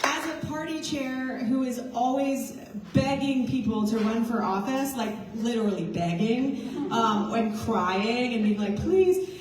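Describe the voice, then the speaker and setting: A woman's voice: fairly high pitch, measured pace, distant mic, a crowd in the background, background noise. Tired, rambling woman in an echoey hall. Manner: rambling, self-deprecating, laughs between thoughts. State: tired from lack of sleep. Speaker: local party chair. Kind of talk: casual speech to a crowd. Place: large indoor meeting room with a crowd.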